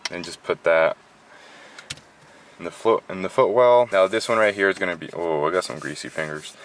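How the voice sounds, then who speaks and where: A man's voice: low-pitched, moderate pace. A man hosting his car channel, talking through a casual how-to with lots of fillers, a bit out of breath. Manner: relaxed, filler-heavy, chatty.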